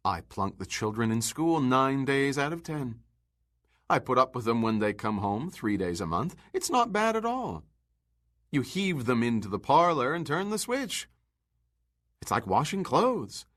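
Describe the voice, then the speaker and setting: A vain, chattering housewife rattles on with a careless, breezy air. A man reads her part, lifting his voice high and swinging it widely up and down. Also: big pitch swings, unhurried, a bit bright. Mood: breezy gossip. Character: chatty vain housewife, middle-aged woman.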